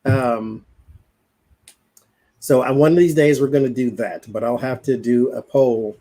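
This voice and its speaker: Gravelly, husky Southern man chatting. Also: mid-range voice, steady tone, unhurried, dark tone, rough recording. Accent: Southern US country. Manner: laughs often, rambling and self-interrupting. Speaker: co-host. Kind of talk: casual livestream chat.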